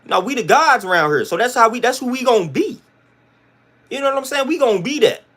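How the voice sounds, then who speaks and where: A livestream host rants to his chat, blunt and emphatic, full of slang and repeating his points. His voice is extremely high, expressive, fast, and a bit bright.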